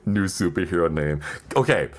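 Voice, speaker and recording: A man's voice: low voice, expressive, moderate pace. A man streaming casually, rambling in a playful way and laughing often; English is not his first language. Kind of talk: casual live-stream chat.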